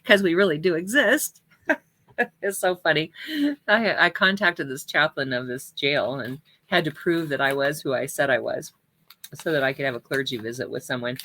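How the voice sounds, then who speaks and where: Woman minister, low pitch and bright, forceful tone, chatty and loose, recorded dry and close. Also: no echo. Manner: chatty, rambling, laughs easily. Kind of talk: casual church announcements.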